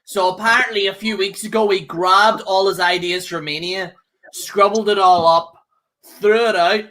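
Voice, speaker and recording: A man co-hosts a wrestling chat with a bright, forceful tone. He rants angrily and swears freely. He circles back on his own words and keeps checking in with "okay?". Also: high-pitched, fairly even intonation, normal speed. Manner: angry, profane, repeats himself, keeps ending with "okay?". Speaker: co-host. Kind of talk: casual podcast rant.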